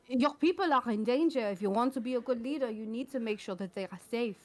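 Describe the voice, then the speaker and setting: A woman's voice: on the high side, fast talker, no echo. Blunt, bossy woman player. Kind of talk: tabletop game play, in character.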